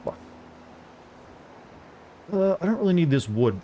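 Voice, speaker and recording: A man's voice: a little high, very animated, measured pace, muffled recording, slight background noise. A young man from the southern United States, a streamer chatting casually and rambling as he plays, swearing now and then. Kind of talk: casual chat while gaming.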